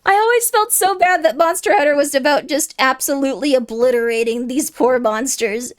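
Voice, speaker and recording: A woman streamer in a casual unboxing chat, her voice pitched a touch high. She gushes over each item, swinging between hushed, breathy half-whispers and bursts of eager chatter. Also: a little fast. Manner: gushing, excitable, often dropping to a half-whisper. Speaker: VTuber streamer.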